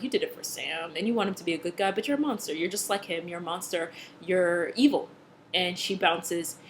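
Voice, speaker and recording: A woman's voice: mid-range voice, fairly bright tone, slight background noise. A woman talking casually at home as she recaps a TV episode, gossipy and full of laughs and fillers, acting out the characters' lines as she goes. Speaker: TV episode reviewer. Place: home room with a cat.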